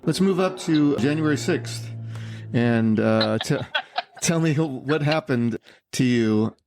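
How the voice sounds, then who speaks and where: A male podcast host with a mid-pitched, everyday voice. He speaks earnestly and haltingly, with restarts as he moves the conversation along. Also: vocal fry, music in the background. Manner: earnest, halting, leads the questions. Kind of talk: casual interview.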